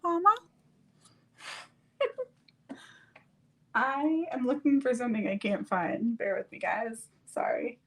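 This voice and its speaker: A fairly high-voiced woman chatting on a makeup stream. She rambles, trails off and reaches for words, loose and casual. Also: lively intonation, normal speed, gravelly, few pauses, husky, rough recording. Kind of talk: casual chat while doing makeup.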